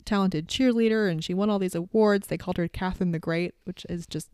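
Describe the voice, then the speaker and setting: A chatty woman hosts a podcast and chats casually about a TV episode. Her voice sits a little low. The recording is dry and close, with no room echo. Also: fairly quick, darkish tone, clear, resonant tone. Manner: chatty, laughs often, quotes characters. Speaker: podcast host. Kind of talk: casual chat recapping a TV episode.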